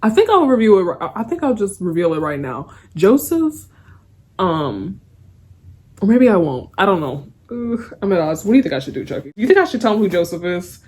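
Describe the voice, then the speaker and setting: A young woman talks her way through an episode review in a loose, rambling way. She giggles often and fills her sentences with ums and restarts. Her voice sits at a middling pitch for a woman. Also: sing-song, brisk, darkish tone, husky. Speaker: TV series reviewer. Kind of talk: casual spoken review.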